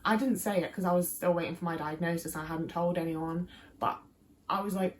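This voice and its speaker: Rambly young woman from the midlands, talks to camera, lowish voice, faint hum behind. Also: steady tone, fairly quick. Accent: English, Midlands mixed with Liverpool. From English Midlands. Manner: chatty, rambling, many fillers. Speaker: YouTuber. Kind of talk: casual monologue to camera.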